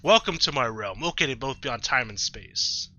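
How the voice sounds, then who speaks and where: A man voicing an ancient godlike creature, reading its archaic lines slowly and gravely on a slightly dull, lo-fi mic. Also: mid-range voice, expressive, bright, forceful tone. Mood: solemn.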